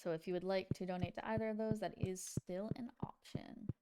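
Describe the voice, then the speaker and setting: A woman's voice: medium pitch, steady tone, fairly quick, noisy background. A woman streaming a farming game live, chatting playfully, giggling and talking to herself as she plays. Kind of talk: casual live gameplay chat. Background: game music.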